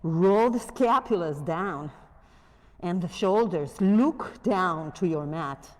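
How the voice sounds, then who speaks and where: A woman with a non-native English accent leads a yoga class in a slow, mellow voice. She talks gently through each pose and keeps reminding students to breathe. Her mic picks up the long echo of the studio hall. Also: lowish voice, animated. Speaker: yoga instructor. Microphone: wearing a mic.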